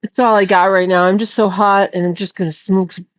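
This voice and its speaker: A woman's voice: medium pitch, level tone, fairly quick, no room sound, muffled recording. A woman hosting a casual livestream, rambling and joking with viewers, swearing freely. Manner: profane, rambling, jokey. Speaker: livestream host.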